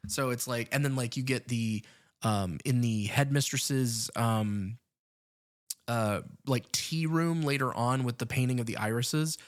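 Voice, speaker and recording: A man's voice: medium pitch, a little slow. An American man co-hosting a podcast, discussing a film in a thoughtful, hedging way with many ums. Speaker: podcast co-host.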